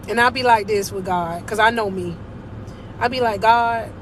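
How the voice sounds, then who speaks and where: Emphatic woman life coach, high bright voice, motivational faith talk from a car. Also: a little hiss or hum. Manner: emphatic, preachy, laughs often.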